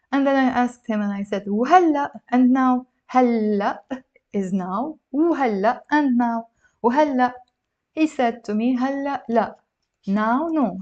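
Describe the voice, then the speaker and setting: A woman with a Lebanese accent teaching a language lesson, lively and encouraging, repeating words slowly for her learners. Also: a little high. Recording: slightly dull lo-fi sound.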